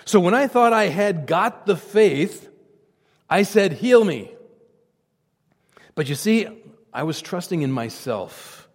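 A man's voice: high voice, lively intonation, unhurried. Man preaching in an echoing hall. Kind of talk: sermon.

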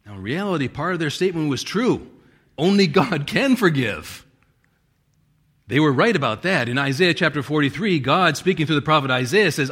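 A man's voice: fairly high pitch, expressive, normal speed, fairly bright tone. A male pastor preaching a sermon, reading scripture with strong emphasis and chuckling now and then.

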